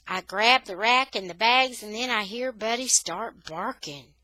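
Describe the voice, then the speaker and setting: Bright-voiced woman reading a story aloud. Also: on the high side, a little slow, hardly any pauses, dry recording. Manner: steady, expressive storytelling. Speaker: reader of a children's novel. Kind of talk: reading a novel aloud for English learners.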